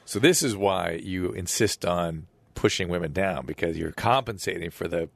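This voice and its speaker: A man's voice: sits low, normal speed, vocal fry, dry recording. A man co-hosting a podcast, questioning in a mock-analytical way. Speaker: podcast co-host. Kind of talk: casual chat.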